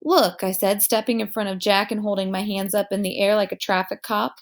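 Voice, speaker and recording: A woman reading a children's novel aloud, her narration lively and her pitch in the middle range. She tells the story plainly and gives each character a voice of its own. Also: fairly quick.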